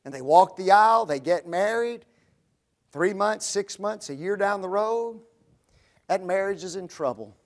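A male preacher delivering a sermon, using rhetorical questions and dropping into quiet, dramatic pauses. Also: high voice.

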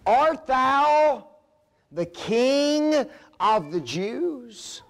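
A man voicing a blunt Roman governor, asking a prisoner a question slowly and in old-fashioned wording. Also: very high-pitched, big pitch swings, a bit bright, voice pushed up, full character voice. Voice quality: slow, drawn-out, archaic questioning.

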